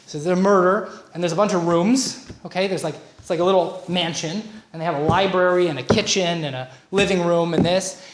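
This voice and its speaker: A woman leading a relationship workshop as a coach, talking in a lively way and often checking in with her listeners. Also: on the low side, brisk. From Canada. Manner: animated, frequent "okay?" and "right?" checks, acts out quoted voices. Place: workshop room. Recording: echoey room, faint noise.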